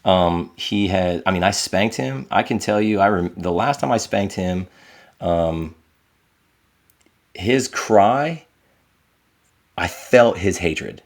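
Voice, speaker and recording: A man's voice: deep voice, expressive, slow pace, pauses often. A middle-aged man, a podcast guest, telling candid, reflective stories about his parenting and acting out quotes in a raised voice. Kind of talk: candid conversational storytelling.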